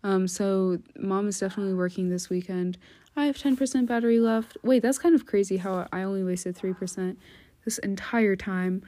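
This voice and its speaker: A woman's voice: medium pitch, moderate pace, warm tone. A teenage girl hosting a casual solo podcast from home on her phone, rambling and chatty with lots of ums and giggly asides. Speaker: podcast host. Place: at home, indoors.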